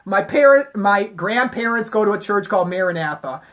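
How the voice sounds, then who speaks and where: A woman's voice: mid-range voice, moderate pace, hardly any pauses. A woman giving a heated, profane, rambling rant to her camera. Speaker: vlogger.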